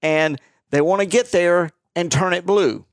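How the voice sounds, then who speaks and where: A man's voice: high voice, measured pace, no echo, studio quality. A man from Florida hosting a casual political chat, opinionated and emphatic, often repeating words. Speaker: podcast host.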